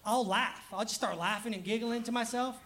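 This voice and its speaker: A man's voice: very high-pitched, brisk, a bit bright. A man preaching a casual, humorous sermon as pastor, laughing often and acting out quoted voices.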